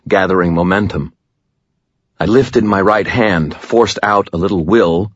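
Deep, husky male audiobook narrator. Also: dry recording, dull audio. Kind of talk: first-person scripted narration.

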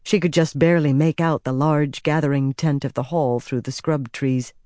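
An audiobook narrator reading a fantasy novel in a steady, even storytelling manner. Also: mid-range voice, normal speed, no room sound, studio quality.

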